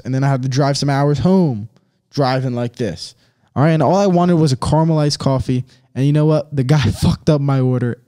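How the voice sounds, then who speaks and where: A male podcast host ranting on his own in a loose, casual way. He talks bluntly with lots of swearing and slang, sounding fired-up and restless. His voice sits a touch higher than most men's. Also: a little mellow. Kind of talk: casual solo podcast rant.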